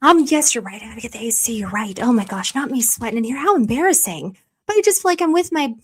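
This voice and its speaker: A woman's voice: on the high side, expressive, fast, breathy edge. A woman hosting a casual livestream, talking straight to her viewers, reading their comments aloud and getting gushing and emotional when they thank her. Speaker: livestream host. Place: warm room at home.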